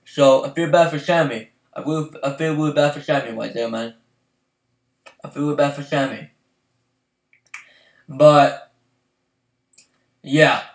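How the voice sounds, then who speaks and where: A young man ranting as a fan vlogger, swinging from loud outbursts to low mumbling. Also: measured pace, long pauses, distant mic. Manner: excitable, swings from shouting to mumbling. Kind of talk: heated ranting. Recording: echoey room, voice off-mic.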